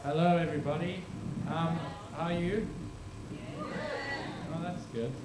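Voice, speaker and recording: Young guy from south africa doing a crude rambly stand-up set, slightly high voice, echoey hall. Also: fairly even intonation, a little slow, over loud music. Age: young adult. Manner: rambling, self-deprecating, crude. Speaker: stand-up comedian. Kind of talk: stand-up set at open mic. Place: large room or hall, live stage.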